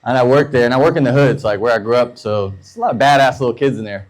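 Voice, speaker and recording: Here a stand-up comic from the U.S., in his thirties, rambles through profane stories and briefly voices the people in them. He speaks at a medium pitch, and the recording is rough.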